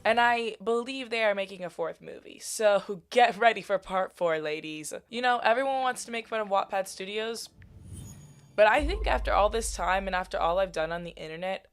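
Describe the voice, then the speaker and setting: A young woman in her twenties giving a sarcastic, profane comedic reaction to a movie as a YouTuber. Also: mid-range voice. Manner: sarcastic, profane, bursts into shrieks.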